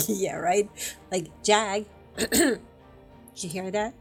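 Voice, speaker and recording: A woman's voice: mid-range voice, extremely slow, breathy edge, soft background music. A woman hosting a casual podcast, reading out listener comments with frequent giggles. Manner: giggly, apologetic about names. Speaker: podcast host.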